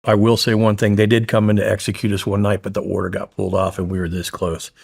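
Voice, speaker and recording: A man's voice: lowish voice, little pitch movement, fast, creaky, a little mellow, a little hiss or hum. A man guest in an interview, blunt and profane, intensely retelling a frightening story.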